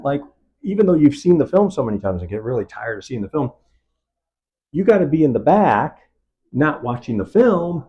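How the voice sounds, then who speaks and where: Producer type, male, lively storyteller with a pitch that rises and falls, acts out the voices in his anecdotes. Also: highs cut off. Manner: animated storytelling, acts out quoted dialogue. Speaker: film producer. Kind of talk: on-set interview. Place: event set.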